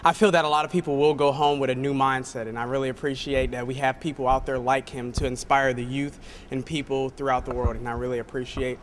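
A man's voice: medium pitch, little pitch movement, fast talker, few pauses. A man giving an earnest, hesitant audience testimonial. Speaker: audience member. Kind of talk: sincere testimonial. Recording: noisy recording.

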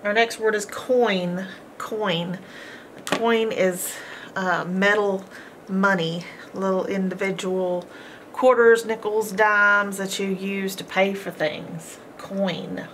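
A woman's voice: medium pitch, fairly even intonation, noisy background. A woman teaching a phonics lesson, patiently sounding out each word and repeating it with encouragement. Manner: sounds out words slowly, repeating each one. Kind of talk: slow, deliberate phonics lesson.

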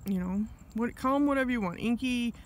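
A man's voice: extremely high pitch, brisk, slight background noise. A man talking alone in an angry, rambling monologue, full of asides and restarts. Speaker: vlogger.

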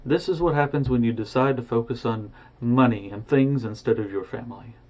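A man voicing a calm, matter-of-fact spirit guide who plainly explains, on a dull lo-fi recording. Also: mid-range voice, a little fast, natural voice. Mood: lecturing.

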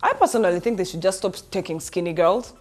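A woman's voice: fairly low pitch, lively intonation, fast talker, soft background music. A young woman hosting a celebrity gossip show, sarcastic and laughing as she talks straight to viewers. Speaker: entertainment news host. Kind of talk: sassy celebrity gossip commentary.

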